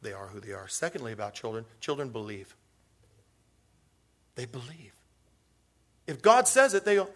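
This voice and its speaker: A man's voice: moderate pace, pauses often. A man preaching a sermon as pastor, talking conversationally with jokey asides and acting out little quotes. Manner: animated, acts out quotes with big pitch swings.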